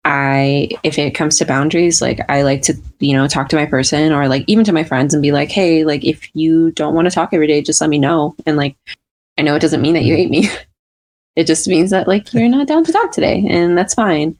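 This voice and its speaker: A woman's voice: low-pitched, a little fast, a little mellow. A woman co-hosting a casual chat podcast, talking freely with lots of filler words. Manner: chatty, many fillers like "like" and "you know". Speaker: podcast co-host.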